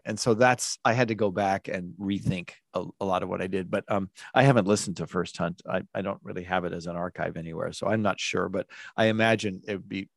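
A man's voice: low voice, steady tone, fast, gravelly, no room sound, studio quality. A middle-aged man being interviewed about his work in music and sound design, telling stories casually and rambling, with many restarts and fillers.

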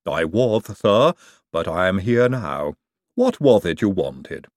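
Guy doing a calm polite servant with a lisp, slow and careful, lots of sirs. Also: low-pitched, no echo, clean studio sound, heavily acted. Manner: calm, deferential, measured.

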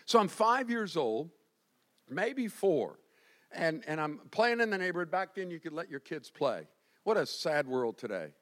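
Animated, high-voiced preaching man. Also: measured pace. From Florida, US. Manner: animated storytelling with self-deprecating humor. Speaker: pastor. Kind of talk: sermon.

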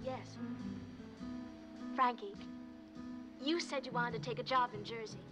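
A young woman in an old 1930s film, played by an actress, earnest and imploring as she pleads with her boyfriend. Her voice sits high, and a loud jazz score plays beneath the dialogue. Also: unhurried, over music, lightly acted. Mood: pleading.

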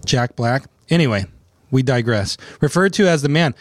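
The recording is dry, and the man's medium-pitched voice is expressive at a normal speed. As host of a studio legal talk show and a practicing attorney, he chats sarcastically on a studio microphone, laughing through his own story.

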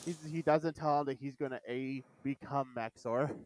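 A man hosts a relaxed podcast over an online call, recapping a cartoon episode. His voice is smooth and resonant at an ordinary pitch, and he acts out quoted lines with lively energy. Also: normal speed. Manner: animated, retells scenes with quoted lines. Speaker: podcast host. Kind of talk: casual chat recapping a cartoon.

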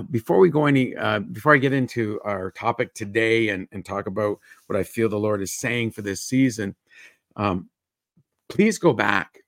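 A man hosts a faith podcast with a gravelly, fry-edged voice at a middle pitch. He talks earnestly and fervently, often breaking off and restarting his sentences. The sound is dry and close, with almost no room. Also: no room sound. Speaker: podcast host and dream coach. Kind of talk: preaching podcast talk.

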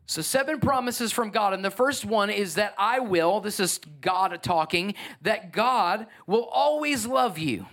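A middle-aged man preaching a sermon as pastor, conversational and emphatic, swinging from soft to loud. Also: sits high, expressive, a little slow, gravelly, hardly any pauses.

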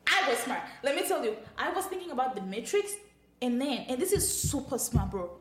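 High-voiced giggly woman, roomy sound. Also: very animated, fairly quick, fairly bright tone. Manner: giggly, chatty, fillers like "like". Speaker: podcast co-host. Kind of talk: casual storytelling chat.

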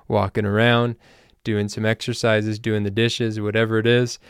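A man hosting a language-learning podcast, explaining things in a relaxed, casual way with loose fillers. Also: lowish voice, smooth, no echo, clean studio sound. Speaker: language teacher and podcast host. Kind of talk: casual spoken lesson.

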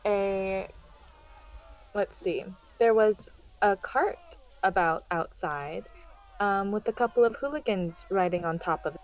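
A woman's voice: medium pitch, slow pace, muffled recording. A woman playing along in a tabletop game, heard from some distance off the microphone. Her tone is hesitant and teasing. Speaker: player. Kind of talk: in-character tabletop play.

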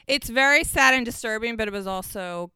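A woman hosts a chatty podcast in a very bright, crisp and clear voice, talking with eager enthusiasm. The recording is close and dry, with no room sound. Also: fairly high pitch, dry recording. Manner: enthusiastic, chatty, quick to praise. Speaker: podcast host. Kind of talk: casual chat.

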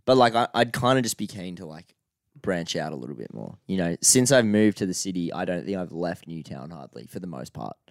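Young australian man, low voice, relaxed rambling podcast chat, dry close mic. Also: brisk, gravelly, no room sound. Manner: laid-back, rambling with fillers. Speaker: podcast co-host. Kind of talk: casual chat.

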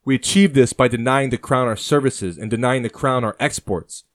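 A man's voice: lowish voice, moderate pace, pitched above the performer's own voice, close to an everyday voice. A man voicing an older male colonial rebel leader who speaks sternly and lectures with passion. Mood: stern passionate.

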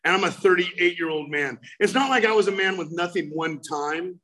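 Man, 40s, recovery story, high voice, bright tone, animated, exasperated outbursts. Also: moderate pace. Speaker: speaker sharing recovery story. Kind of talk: recovery talk, personal story.

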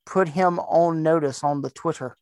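A man's voice: fairly high pitch, steady tone, moderate pace, a little mellow, no echo. A man co-hosting a casual podcast chat, laughing often, teasing his friends and chasing movie trivia. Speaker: podcast co-host.

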